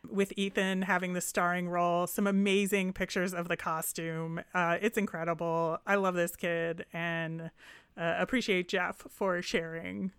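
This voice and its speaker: A woman's voice: on the low side, little pitch movement, measured pace, a bit bright, smooth, no room sound, clean studio sound. A woman co-hosting a casual sports chat, upbeat and chatty, laughing easily. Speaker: podcast co-host.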